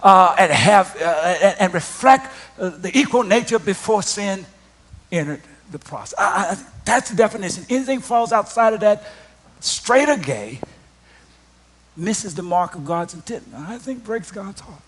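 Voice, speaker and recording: A male pastor delivering a sermon, emphatic, restarting his phrases and swinging from quiet moments to loud ones. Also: high voice, animated, normal speed.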